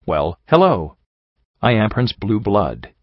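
A deranged, rotting ghoul stallion prince, as a male reader puts him on, speaking grandly in a booming, boiled-sounding voice pitched low, then erupting into screams. The dry, slightly muffled recording keeps him close and dull. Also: big pitch swings, slow, no echo, full character voice. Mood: menacing charm.

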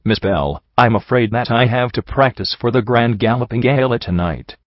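A man's voice: medium pitch, normal speed, dry recording, dull audio, natural voice. A man voicing a refined, fussy young mare cellist who speaks in a prim, formal way. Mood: polite refusal.

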